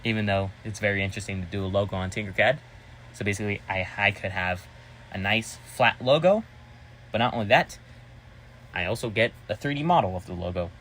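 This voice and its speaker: A man chatting casually as a vlogger, excitable and rambling, with restarts and sudden loud outbursts. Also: lowish voice, a little fast, slight background noise. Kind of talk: casual vlog chat.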